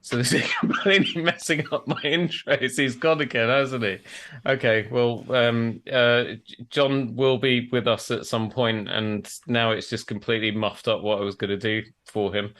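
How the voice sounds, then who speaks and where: A man hosting a casual podcast over a video call, chatty and quick to laugh, reading playful intros. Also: mid-range voice, bright, forceful tone. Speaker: podcast host and tailor.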